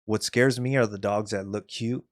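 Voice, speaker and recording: Profane, animated male podcast co-host. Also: lowish voice, moderate pace. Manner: profane, animated, acts out voices. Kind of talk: casual chat.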